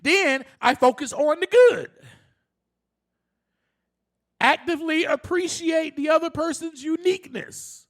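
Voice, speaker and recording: A man's voice: very high-pitched, a little slow, long pauses, a bit bright. A man hosting a solo self-help podcast, speaking earnestly, often laughing, and rising to passionate emphasis. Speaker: podcast host.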